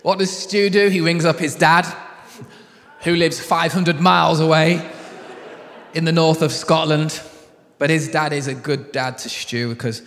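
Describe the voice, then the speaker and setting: A male pastor preaches in a loose, chatty storytelling way and breaks into laughter often. His voice sits high for a man. A long reverb trails each phrase, as in a large room. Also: fairly even intonation, measured pace, long pauses, a bit bright. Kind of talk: sermon.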